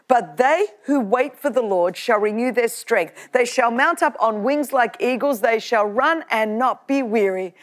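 An Australian woman in her fifties preaching a lively, joking sermon to a live audience. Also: on the high side. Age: 50s. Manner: animated, joking, with frequent laughs.

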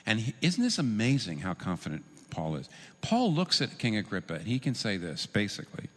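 Lively preacher in a big echoing hall. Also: male voice, on the low side, brisk. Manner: animated, humorous teaching, with asides. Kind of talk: sermon. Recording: long reverb in a large hall.

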